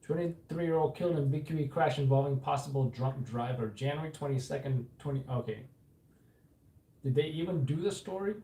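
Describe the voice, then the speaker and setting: A man's voice: fairly high pitch, fairly quick, warm tone. A man hosting a live stream from a room at home, chatting casually and thinking aloud while he works at a computer.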